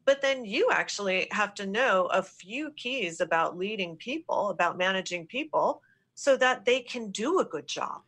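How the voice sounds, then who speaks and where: A woman's voice: mid-range voice, expressive, a bit bright. A woman executive consultant answering questions in a business podcast interview, explaining in an affirming way. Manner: affirming, explanatory, quick repeated yeses.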